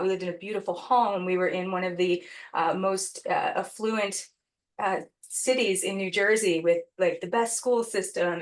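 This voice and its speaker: Earnest woman telling her story. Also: mid-range voice. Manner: earnest and reflective, with many pauses and restarts. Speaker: podcast guest. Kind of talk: telling a personal story in an interview.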